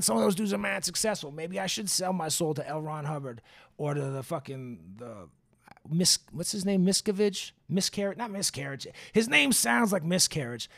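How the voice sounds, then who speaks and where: A young man hosting a podcast, telling a story off the cuff in a loose, profane, animated way. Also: a little high, vocal fry. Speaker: podcast host. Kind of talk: casual storytelling.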